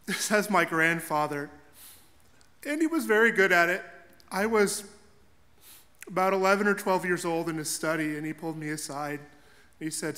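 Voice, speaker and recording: A man's voice: high-pitched, sharp tone. A young man, a Catholic priest, giving an earnest, heartfelt eulogy for his grandfather in a church. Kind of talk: funeral eulogy.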